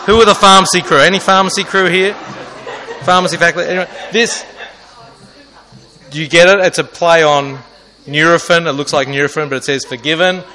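A man's voice: on the high side, brisk, long pauses, bright, forceful tone, poor audio. A young man giving a joking talk to a student audience, self-mocking and asking the crowd questions. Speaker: student ministry speaker.

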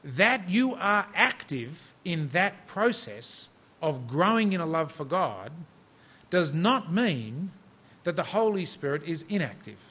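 Middle-aged aussie guy preaching, kinda high voice, chatty storytelling sermon. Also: big pitch swings, takes it slowly, sharp tone, a little hiss or hum. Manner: conversational, self-deprecating storytelling.

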